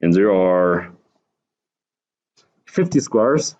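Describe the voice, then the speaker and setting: Low-voiced man lecturing to a class. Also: expressive, very slow, darkish tone, poor audio. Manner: explaining step by step, asking the class questions. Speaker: university lecturer.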